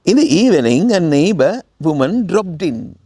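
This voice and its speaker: A man's voice: a little high, big pitch swings, moderate pace, dark tone, husky, no echo, clean studio sound. A man with a Sri Lankan accent teaching a spoken English lesson, explaining words through repetition and acted-out lines.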